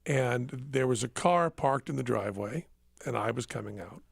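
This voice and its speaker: Podcast host, male, gravelly voice, self-mocking storyteller, dry close mic. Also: mid-range voice, animated, moderate pace, no echo. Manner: rambling, self-mocking, laughs at his own stories. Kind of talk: casual storytelling chat. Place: studio.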